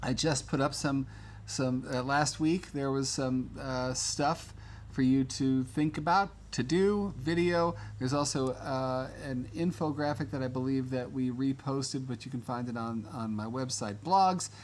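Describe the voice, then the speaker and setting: A man's voice: medium pitch, a little slow, slight background noise. A man hosting a casual live stream, chatting loosely with many fillers. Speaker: livestream host.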